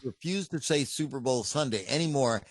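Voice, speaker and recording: A man's voice: mid-range voice, moderate pace, no room sound, studio quality. A man co-hosting a podcast, chatting casually and teasing his partner. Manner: playful banter, teasing. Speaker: co-host. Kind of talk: casual chat.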